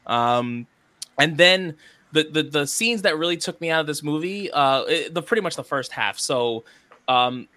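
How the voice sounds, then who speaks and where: Man, bright tense voice, slightly high, rambling podcast review. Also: lively intonation, normal speed, no room sound. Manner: rambling, hesitant, lots of fillers. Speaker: podcast co-host.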